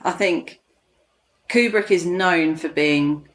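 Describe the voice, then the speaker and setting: A woman's voice: on the low side, slow. A woman guest chatting casually on a podcast as an enthusiastic film fan.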